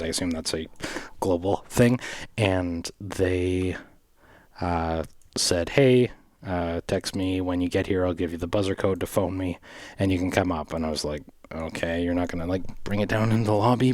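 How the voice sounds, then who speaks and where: A man with a lowish voice tells a long story in a casual podcast chat, laughing often and jumping into a higher voice to act out the people in it. The sound is close and dry, with no room echo. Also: a little mellow. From Vancouver, Canada. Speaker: podcast host.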